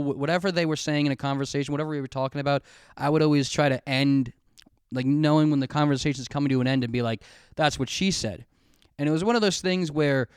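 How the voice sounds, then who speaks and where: A man's voice: fairly high pitch, clear, resonant tone, dry recording, clean studio sound. A young man hosting a podcast, telling a long childhood story in a rambling, profane, self-mocking way, laughing often. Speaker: podcast host. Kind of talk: casual storytelling monologue. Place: home room, recorded on camera. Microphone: camera mic.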